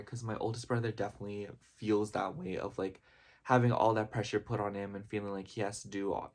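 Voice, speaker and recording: A young man talking in a casual, heartfelt vlog, rambling with constant "like" and "you know" and openly emotional and gushing. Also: fairly low pitch. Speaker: vlogger.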